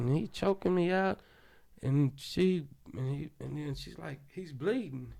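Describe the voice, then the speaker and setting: A man from Oklahoma City, a podcast guest, telling a story in casual, animated speech full of slang and profanity. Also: on the high side, a little slow, vocal fry, a little hiss or hum.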